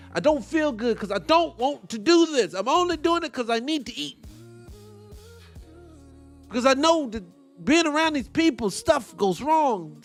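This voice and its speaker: A man hosting a morning talk show, ranting in a fired-up, animated, profane way. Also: very high-pitched. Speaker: host. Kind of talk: commentary rant.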